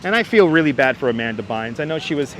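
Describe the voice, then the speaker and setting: A man's voice: mid-range voice, animated, fast, a bit bright. A man with a Brooklyn accent hosting a walking-tour livestream outdoors in the city, chatting with viewers and thanking them by name. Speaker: livestream host. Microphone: wireless clip-on mic. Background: faint city traffic.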